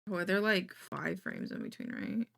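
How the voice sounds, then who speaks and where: Gravelly woman streamer thinking aloud. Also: lowish voice, normal speed, fairly bright tone. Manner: thinks aloud to chat while working, jittery and self-deprecating. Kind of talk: casual live-stream chat.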